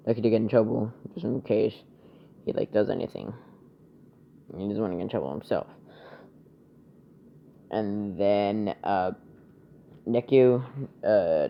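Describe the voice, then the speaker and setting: Man, casual story retelling, rambling and halting, gravelly, lively pitch, dull lo-fi sound. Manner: rambling, halting, searches for words. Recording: dull lo-fi recording.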